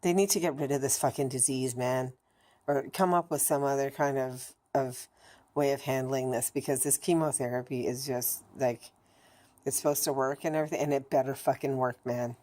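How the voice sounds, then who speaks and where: A woman's voice: rumbling low, fairly even intonation, moderate pace, darkish tone. A woman recording a candid personal video diary, talking bluntly, swearing heavily and rambling with many restarts. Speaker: vlogger.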